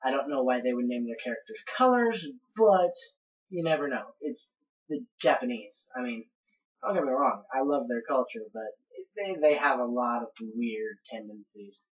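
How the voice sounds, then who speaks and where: Woman gamer, low voice, rambling let's-play commentary, dull lo-fi recording. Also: normal speed. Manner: rambling, chatty, narrates each step. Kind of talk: casual game commentary.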